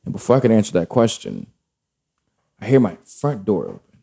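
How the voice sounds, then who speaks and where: Mellow low-voiced man telling a wild story. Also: moderate pace, vocal fry, breathy edge. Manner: animated, profane, loose street slang. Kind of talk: casual storytelling chat.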